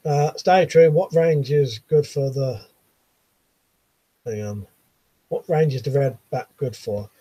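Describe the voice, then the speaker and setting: A man's voice: medium pitch, slow, pauses often, mellow, breathy edge, no room sound. An English man in his late thirties hosting a casual live chat from his bedroom, reading viewers' messages with easy, chuckling banter. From England. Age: 30s. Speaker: livestream host reading chat.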